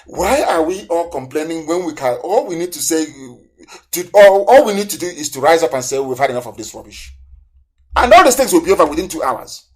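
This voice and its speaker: A fiery man addresses listeners in a live political broadcast, his voice sitting fairly high for a man. He talks with scorn and rhetorical force, hammering at his audience with repeated questions and blunt accusations. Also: expressive, brisk, slightly rough. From southeastern Nigeria. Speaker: broadcaster and activist leader.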